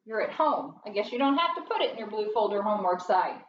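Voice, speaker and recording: A woman's voice: medium pitch, sing-song, fast talker, highs cut off, slight background noise. A woman teaching a first grade phonics lesson, explaining each step patiently, recorded from a distance in a roomy space.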